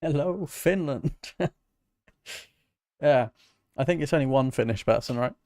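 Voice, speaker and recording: A man from Britain, a music producer casually chatting with his livestream viewers in a relaxed, self-mocking way. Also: mid-range voice, unhurried, dry recording, clean studio sound.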